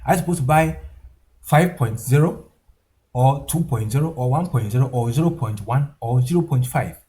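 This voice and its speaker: This forex tutor, teaching over a shared chart, has a medium-pitched, dark, expressive voice and talks at a normal speed. Emphatic repetition drives his lesson, and "okay?" and "guys" pop up at the end of his sentences.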